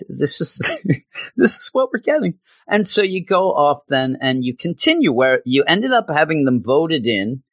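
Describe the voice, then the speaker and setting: Sarcastic, animated male comic reviewer. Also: mid-range voice, no echo. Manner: sarcastic, exasperated, acts out characters. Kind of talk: casual video review.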